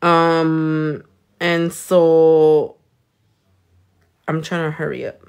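A woman's voice: low-pitched, little pitch movement, extremely slow, clean tone. Bilingual nail tech woman, playful. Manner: bilingual code-switching, crude and playful, frequent loud laughs. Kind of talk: casual livestream chat while doing nails.

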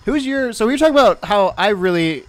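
A young man in his twenties talks through a game in a loose, rambling way, narrating his moves aloud. His voice sits a little high for a man and breaks into chuckles between thoughts. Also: animated, quick pace. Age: 20s. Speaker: let's play host. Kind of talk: casual gameplay commentary.

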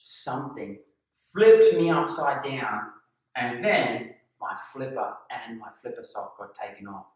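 An animated man tells a story to little children, his pitch swooping up and down as he acts out the voices. He sits back from the mic in a very echoey room. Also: a little slow, distant mic. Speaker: kindergarten teacher.

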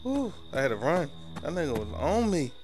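A man talking live to his teammates while gaming, excitable and panicky, joking and swearing a lot. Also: on the high side, normal speed. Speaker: gamer. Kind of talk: live gameplay chat with teammates. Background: game music.

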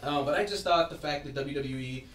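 A man co-hosting a casual podcast, retelling a story with animated energy and acting out the lines he quotes. His voice sits in a roomy space, a little away from the mic. Faint ambience hums behind him. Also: fairly high pitch, quick pace, recorded from a distance, slight background noise. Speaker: podcast co-host. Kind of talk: casual wrestling chat.

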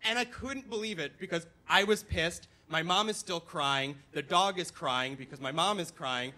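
Bright-voiced male stage storyteller. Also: fairly high pitch, moderate pace. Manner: comic, animated retelling. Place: stage at a dance venue.

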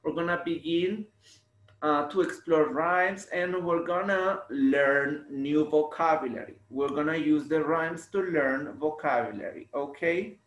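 A man teaching a slow English lesson to young students, stretching words out and repeating them for the class to copy. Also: on the high side, fairly bright tone. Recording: echoey room.

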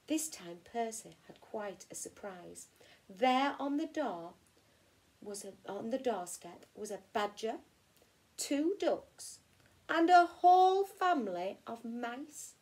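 A woman teacher from England reading a children's picture book aloud in an expressive storytelling way. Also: a little high. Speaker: primary school teacher.

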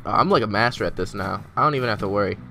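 Excitable trash-talking gamer man. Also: lowish voice, very fast, vocal fry, faint music behind. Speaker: gameplay commentator. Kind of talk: casual let's-play commentary.

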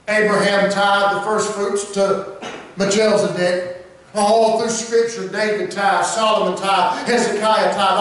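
Impassioned preacher man in an echoey church. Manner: impassioned preaching, swinging between loud high cries and low hushed asides. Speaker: pastor. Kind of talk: sermon. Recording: echoey church room miked from far off.

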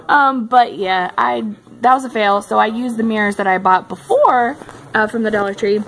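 A woman's voice: on the high side, moderate pace. A young woman chatting casually in a home vlog, giggly and full of fillers, filmed on a handheld phone indoors. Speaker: vlogger. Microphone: handheld phone camera.

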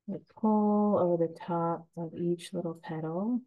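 A woman giving a gentle, unhurried step-by-step painting lesson as the instructor. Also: lowish voice, steady tone, phone-quality sound.

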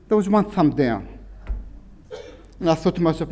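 A man's voice: a little high, animated, normal speed, pauses often, warm tone. A man preaching an informal, rambling sermon and often restarting his sentences. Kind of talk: conversational sermon.

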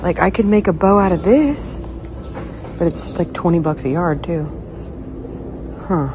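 A woman, talking casually and excitedly to her phone camera as she shops in a fabric store. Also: fairly low pitch, unhurried, noisy background. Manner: chatty, excitable, says "y'all" and "freaking". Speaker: vlogger. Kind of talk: casual vlog narration. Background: background music.

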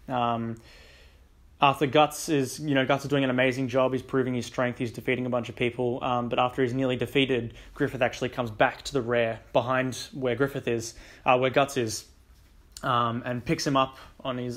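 Young male reviewer, mid-pitched, casual rambling recap style. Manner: loose, rambling retelling with many ums and likes. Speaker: book and manga reviewer.

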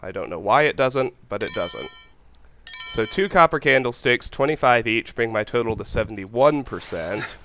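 A man hosting a let's play, calmly and methodically planning his moves aloud as he commentates. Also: medium pitch, normal speed, slight background noise. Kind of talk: gameplay commentary.

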